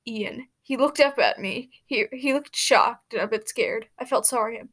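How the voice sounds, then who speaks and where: A young woman reads a fanfic aloud in a loose, chatty way, breaking off for rambling asides. Her voice sits fairly high. The delivery is unpolished and informal. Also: normal speed, few pauses, fairly bright tone. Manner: rambling, with fillers and self-commentary. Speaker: reader. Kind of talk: casual fanfic reading.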